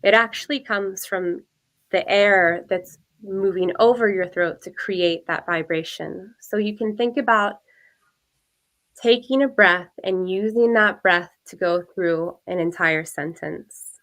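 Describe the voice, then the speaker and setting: A woman speaking as a guest coach, giving clear, practical advice in a measured way. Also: medium pitch, a bit bright. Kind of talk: advice in an interview.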